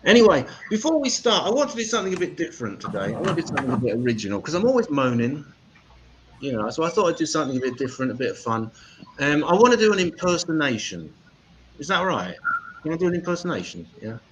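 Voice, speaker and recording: Stand-up guy, crude and sweary, deadpan jokes, voice jumps all over the place. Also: on the high side, fast, a little hiss or hum, rough recording. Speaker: comedian and MC. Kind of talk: stand-up comedy.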